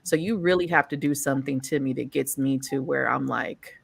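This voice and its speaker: A woman hosting a casual chat, telling stories in an animated, profane way and laughing often. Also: rumbling low, a little fast, creaky, slightly rough. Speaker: host.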